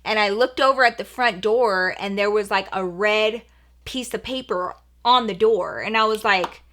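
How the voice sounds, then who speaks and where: A young woman telling a storytime on her vlog, chatty and animated, full of fillers, acting out what her mom said. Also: mid-range voice, normal speed, a little hiss or hum. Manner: acts out quoted voices of her mom. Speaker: vlogger.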